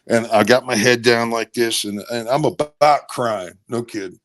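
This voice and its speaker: A man's voice: medium pitch, normal speed. A middle-aged man from Maryland, a former college football player, telling stories casually and acting out other people's voices. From Maryland, USA. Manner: animated storyteller who acts out other voices. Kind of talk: casual storytelling.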